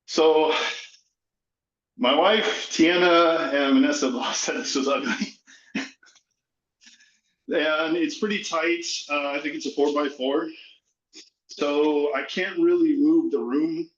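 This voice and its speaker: A breathless man on a video call, asking a question in an apologetic, halting way. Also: on the high side, fairly even intonation. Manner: apologetic, halting, restarts often. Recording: roomy dull video call audio.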